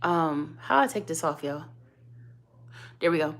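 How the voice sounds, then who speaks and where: A woman with a hoarse voice, chatting casually to camera as a vlogger and mom of three, telling a story with lively emphasis. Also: deep voice, a little slow. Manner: chatty, animated storytelling, addresses viewers as y'all. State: hoarse, voice going out.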